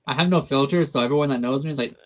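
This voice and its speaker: A man's voice: mid-range voice, very fast, a bit bright. A man giving a tarot reading on a livestream in a blunt, folksy way. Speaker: tarot reader.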